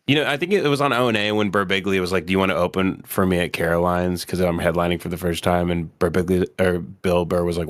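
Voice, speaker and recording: A man's voice: deep voice, dry recording, studio quality. A man talking in a rambling, profane way with lots of fillers, his nose stuffed up, as a guest in a casual podcast chat. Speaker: comedian guest.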